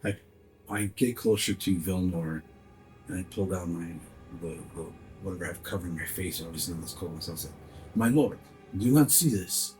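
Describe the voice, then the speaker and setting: A very deep-voiced man plays in a tabletop fantasy game, speaking quietly and earnestly as his character. Faint music plays in the background. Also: moderate pace, rough recording. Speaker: player. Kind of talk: tabletop role-play.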